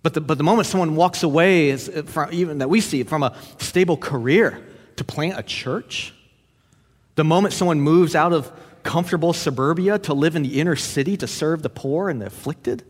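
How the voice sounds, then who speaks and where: A man's voice: fairly high pitch, moderate pace. A man preaching a sermon as pastor, telling a story earnestly and often stumbling over and repeating his words. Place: church sanctuary. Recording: long church hall reverb.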